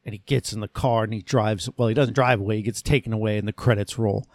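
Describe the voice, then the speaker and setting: A man's voice: on the low side, steady tone, fast, a little mellow, dry recording. A man hosting a podcast, casually and enthusiastically reviewing an action movie, rambling with fillers. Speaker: podcast host.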